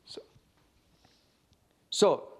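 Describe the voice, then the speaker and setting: A man preaching a sermon, reading scripture and questioning his listeners with emphatic, rising delivery. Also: very slow. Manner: emphatic, rising to shouts, asks the audience questions.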